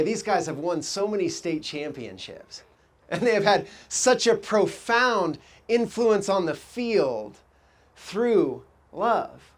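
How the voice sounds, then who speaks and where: A man preaching a sermon as pastor, telling stories with lively quoted voices and asking the congregation reflective questions. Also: high-pitched. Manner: animated storytelling, quoting people in raised voices.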